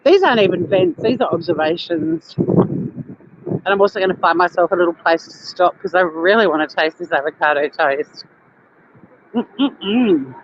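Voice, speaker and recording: An Australian woman chatting casually on a live stream while walking on a beach, blunt and quick to swear and laugh. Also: fairly low pitch, expressive, lo-fi sound, slight background noise. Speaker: vlogger. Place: outdoors on a beach.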